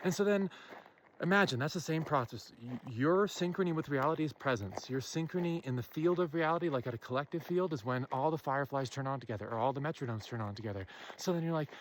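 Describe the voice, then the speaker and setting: Woman speaker, earnest solo talk to camera, slows to stress key phrases, asks listeners questions. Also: low voice, big pitch swings, slight background noise. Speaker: self-help speaker. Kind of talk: impassioned spiritual monologue.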